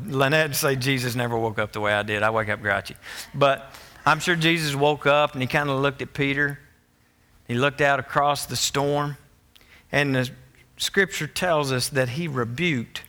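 A man delivering a sermon to his congregation, his voice bright and forward. He sits slightly above the usual male pitch and builds in bursts of emphasis, stumbling into quick restarts as he presses his point. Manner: emphatic, rising to excited peaks, with stammered restarts. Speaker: pastor.

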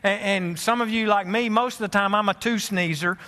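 A man's voice: high voice, brisk, bright, forceful tone, in a large hall. A man with a Southern US accent preaching a sermon as pastor, folksy and joking, often restarting his sentences. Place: church sanctuary.

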